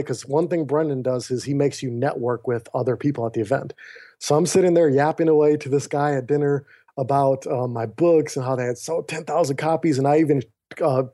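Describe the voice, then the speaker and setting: A man, a podcast guest, telling a personal story in conversation. He acts out the voices of others in his dialogue and often turns to the host by name. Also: a little high. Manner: animated storyteller who acts out quoted dialogue; often addresses the host by name mid-sentence. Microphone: remote call.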